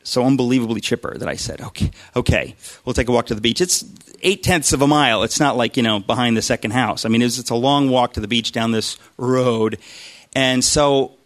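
A man's voice: medium pitch, fairly quick. Man rambling through a personal story. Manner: rambling, self-deprecating, with frequent restarts. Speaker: speaker telling a personal faith story. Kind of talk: casual storytelling.

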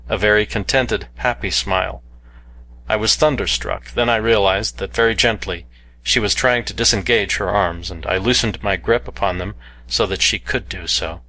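A man's voice: lowish voice, normal speed, sharp tone, slight background noise, poor audio. A man reading an adventure novel aloud with earnest, dramatic storytelling. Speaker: narrator. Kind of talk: audiobook narration of an adventure novel.

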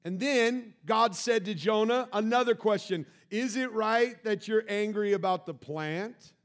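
Lively, high-voiced male preacher. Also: unhurried. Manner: animated, acts out the scripture with shouts and laughter. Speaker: pastor. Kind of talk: sermon.

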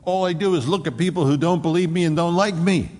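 A man's voice: a little high, quick pace, darkish tone, long reverb tail, voice pushed up, lightly acted. A man voicing an exasperated formerly blind man who answers with sarcasm and indignation. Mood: bewildered.

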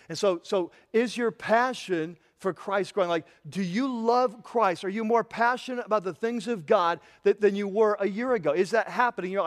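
Male pastor, very high voice, fervent sermon delivery, repeats his questions. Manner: impassioned, repeats questions, grows loud and intense.

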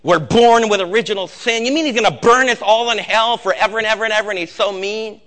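A scornful male professor sneers in a high, strained voice, as a preacher puts him on. He talks loud and fast, mocking. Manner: shrill, sneering.

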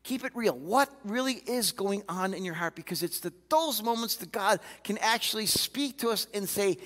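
A man preaching a sermon as a pastor, candid and animated, often acting out the voices he quotes. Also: high-pitched, normal speed, hardly any pauses. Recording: reverberant hall.

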